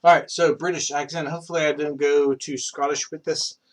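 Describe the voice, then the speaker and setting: A man's voice: on the high side, level tone, fairly quick. A young man on a live stream who rambles casually, with many fillers and restarts. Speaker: streamer practicing accents.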